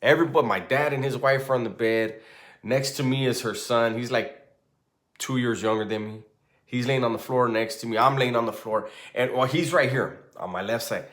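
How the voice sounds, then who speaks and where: A man in his forties casually telling a true ghost story in a loose, profane, animated way, often checking in with "right?". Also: mid-range voice, moderate pace.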